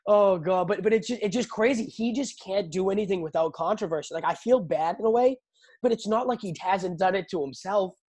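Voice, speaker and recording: High-voiced young man chatting about fights. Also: fairly quick. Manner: animated, laughing, stammering restarts. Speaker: podcast host. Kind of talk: casual chat about fights.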